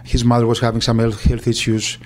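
Soft-toned man recalling. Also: mid-range voice, completely flat delivery, slight background noise. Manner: halting, searching for words. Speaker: agent. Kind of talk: interview recollection.

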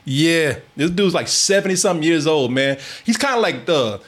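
A man's voice: a little high, expressive, normal speed, fairly bright tone. A man telling a story in casual chat, swearing often, laughing a lot and restarting his sentences.

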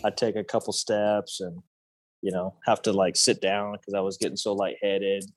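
A man's voice: low-pitched, level tone, moderate pace, dry recording. A man in his thirties casually telling a hunting story, rambling with many fillers and restarts. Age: 30s.

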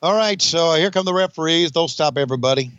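A man's voice: a little high, quick pace, fairly bright tone, smooth, dry recording, muffled recording. An older man co-hosting a podcast, wry and profane, sighing between remarks. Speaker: podcast co-host, former commentator. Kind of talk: casual podcast banter over archive footage.

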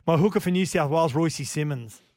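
Australian man, higher-pitched voice, dry close studio sound, relaxed sports radio chat, yarn-spinning host. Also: a little fast, vocal fry, no echo. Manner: storytelling, reading out listener texts.

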